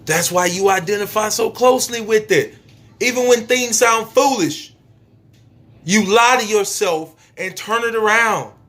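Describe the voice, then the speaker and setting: Slow, emphatic man preaching to camera. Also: high voice. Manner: emphatic, repetitive, drawn-out phrasing with sudden drops to soft. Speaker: YouTube speaker. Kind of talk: spiritual preaching monologue.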